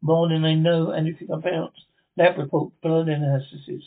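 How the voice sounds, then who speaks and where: A man's voice: fairly high pitch, little pitch movement, moderate pace, close to an everyday voice. A man reading the part of a worried, baffled doctor, with a flustered, stumbling delivery. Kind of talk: amateur script reading. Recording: tinny phone-like sound.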